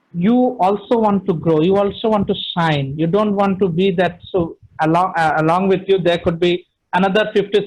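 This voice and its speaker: A man's voice: high-pitched, low-quality recording. A man, speaking as a trainer in an online session from home, emphatic and repeating phrases for stress.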